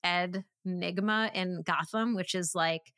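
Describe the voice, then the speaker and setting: A woman's voice: lowish voice, fairly even intonation, takes it slowly, fairly bright tone, no room sound. Woman, podcast co-host, casual film chat, filler-heavy, dry recording. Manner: chatty, many fillers and restarts.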